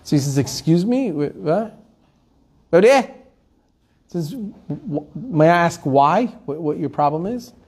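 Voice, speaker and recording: Animated Jewish storyteller man, high voice. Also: measured pace, husky. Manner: animated storytelling, acting out the people in his stories. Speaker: Torah teacher. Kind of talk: storytelling Torah class.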